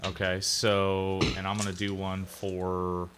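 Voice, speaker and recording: A man's voice: low voice, completely flat delivery, slow pace, noisy background. A young man narrating a tabletop game as game master, in a casual, rambling way with fillers.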